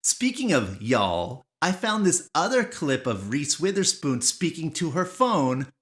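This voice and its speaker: An English teacher explaining vocabulary carefully and clearly in an online lesson. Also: medium pitch, very animated, a little slow, fairly bright tone.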